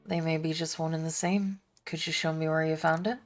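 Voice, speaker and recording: A woman voicing a calm, kindly older male ship captain who speaks in a measured, gentle way. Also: low voice, soft background music, natural voice.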